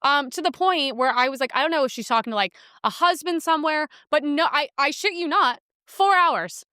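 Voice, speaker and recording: A woman's voice: sits high, animated, a little fast, pushed and bright, no room sound, clean studio sound. A young woman hosting a podcast in a casual, blunt monologue, full of filler words and crude asides. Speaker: podcast host.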